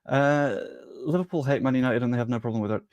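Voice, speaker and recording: A man's voice: mid-range voice, a little mellow, clear, resonant tone, dry recording. A man hosting a livestream chat, teasing and joking with dry, self-deprecating humor. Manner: teasing, quick-witted. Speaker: host.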